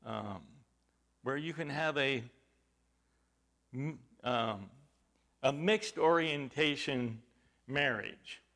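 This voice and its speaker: A man preaching a sermon, halting with fillers at times and then rising to loud, stressed points. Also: medium pitch.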